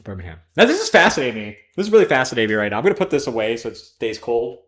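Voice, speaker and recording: A man's voice: medium pitch, very animated, rapid-fire, a bit bright. A man from Chicago hosting a casual gaming livestream, swearing freely and drifting into tangents. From Chicago, American Midwest. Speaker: livestream host.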